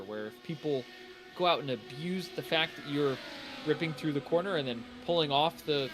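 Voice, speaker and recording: Higher-voiced man analyzing a sim race. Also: noisy background. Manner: analytical, explains car handling in detail. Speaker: color commentator. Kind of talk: sim racing broadcast commentary.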